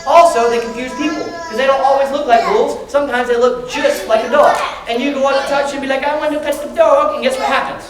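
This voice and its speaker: A high-pitched, steady voice speeds along with hardly a pause as an animal trainer puts on a lively presentation for children at a library, engaging the crowd with call-outs and questions. The mic sits far away in a big indoor hall, so there's heavy echo and a noisy audience.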